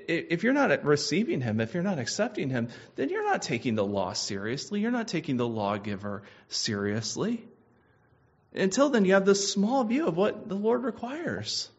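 A man with a somewhat high, slightly rough voice preaches a sermon, posing probing questions to his listeners and repeating phrases for emphasis. The recording is muffled and lo-fi.

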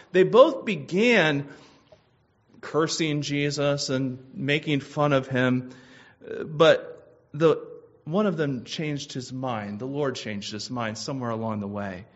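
A man preaching a sermon, asking his listeners probing questions and repeating phrases for emphasis. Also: on the high side. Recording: muffled lo-fi recording.

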